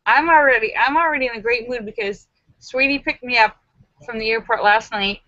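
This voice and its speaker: A woman's voice: on the high side, a little fast, bright, forceful tone, dry recording, highs cut off. A woman hosting a casual live stream, chatting and telling jokes, laughing often and acting out quoted voices.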